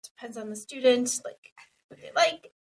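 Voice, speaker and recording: A woman podcast co-host with a high voice, sitting a little away from the mic. She explains steadily and runs through lists of examples. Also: moderate pace, far from the mic, rough recording. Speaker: podcast co-host, occupational therapist. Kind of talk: casual podcast chat, explaining.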